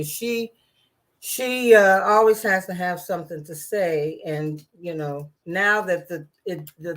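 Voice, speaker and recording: A woman giving casual political commentary in a sarcastic, rambling way, with many restarts and asides. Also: on the low side.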